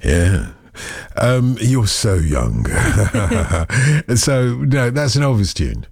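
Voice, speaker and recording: Chatty rambling radio host. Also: male voice, lowish voice, big pitch swings, drawn-out words, darkish tone, husky, dry recording. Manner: chatty, rambling, self-deprecating. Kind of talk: casual radio chat.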